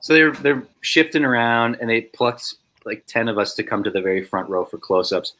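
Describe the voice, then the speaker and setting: Animated male storyteller on a podcast. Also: mid-range voice, normal speed. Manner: animated storyteller, acts out voices. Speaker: podcast guest, filmmaker. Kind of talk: casual anecdote telling.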